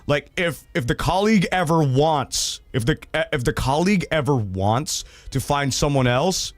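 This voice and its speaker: A man hosting a casual livestream, reading viewer stories in an animated, profane way with loud laughter. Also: on the high side, moderate pace, no room sound. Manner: animated and profane, laughing loudly, acting out quoted voices.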